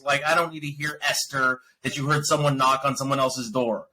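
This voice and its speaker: A man's voice: mid-range voice, fairly quick, low-quality recording. A man hosting a podcast, chatting casually and ranting animatedly about films and shows he watched. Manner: animated, ranting, laughs often. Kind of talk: casual review chat.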